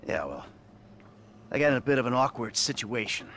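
Game cutscene: jaded middle-aged ex-crook, bright tone, snappy and sardonic. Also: male voice, medium pitch, very animated, brisk, slight background noise. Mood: awkward. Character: weary, bitter middle-aged male ex-criminal and father. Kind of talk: video game cutscene acting.

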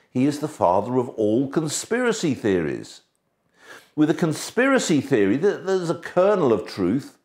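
A man delivers a church sermon with a fairly high, strongly varied voice. He leans into key words, sinking low and quiet before rising again for emphasis. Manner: emphatic, shifts between soft and raised delivery. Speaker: preacher.

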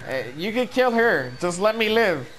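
A man hosting a casual gameplay session, swearing, laughing and shouting in panic. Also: sits high, sing-song, moderate pace, faint music behind, rough recording. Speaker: gaming channel host.

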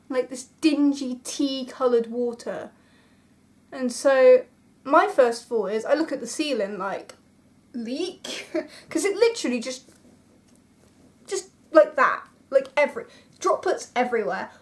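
A young woman vlogger telling a story in a casual, animated way, full of dramatic asides and exclamations. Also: sits high.

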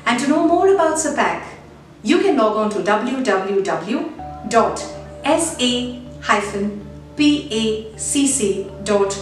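Woman, earnest storyteller, fairly high voice, far from the mic in a very echoey room, faint music behind. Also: expressive, takes it slowly. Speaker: appeal narrator. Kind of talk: storytelling appeal voice-over.

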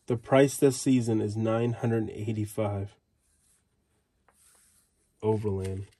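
A man's voice: fairly low pitch, takes it slowly, warm tone. A man flipping through an old magazine, reading ad headlines aloud in fragments and adding offhand casual remarks.

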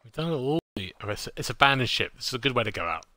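A man's voice: mid-range voice, sing-song, quick pace, pushed and bright, no room sound. A man hosting a gameplay video, reading game text aloud with self-deprecating, muttered asides. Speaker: let's play host.

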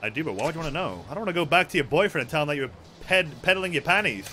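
A man's voice: fairly high pitch, expressive, rapid-fire, bright, forceful tone, slight background noise. A young man streaming a video game, swearing a lot, joking and reading the dialogue aloud. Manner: sweary, playful, reads game text aloud. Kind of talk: let's play commentary.

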